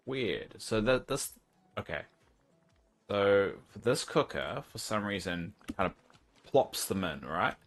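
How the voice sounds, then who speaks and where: A man's voice: on the low side, expressive, slow pace, a bit bright. A man with a New Zealand accent, casually chatting and teasing viewers while streaming a game. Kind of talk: casual live-stream chat while gaming.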